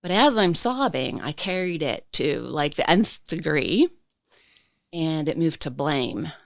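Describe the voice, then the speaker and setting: A woman podcast guest telling a personal story in a slow, reflective way, reliving the emotions. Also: deep voice, lively intonation, no echo, clean studio sound.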